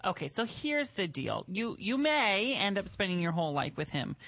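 A man co-hosting a podcast, giving casual relationship advice in an animated, playful way. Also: high voice, moderate pace, no room sound.

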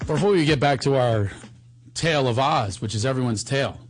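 A man's voice: medium pitch, brisk, faint music behind. A middle-aged man with a Philadelphia accent hosting a casual talk show, joking his way through ad reads. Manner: playful, joking, self-mocking. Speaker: podcast host.

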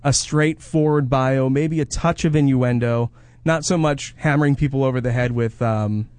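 A man's voice: mid-range voice, normal speed, darkish tone, no echo. A man with a New Jersey accent co-hosting a comedy show, joking in casual banter with frequent restarts. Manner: joking, with self-correcting restarts. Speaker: co-host.

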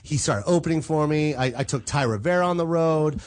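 A man's voice: a little high, fairly quick. A man, a stand-up comedian, bantering casually, boastful and joking, swearing freely.

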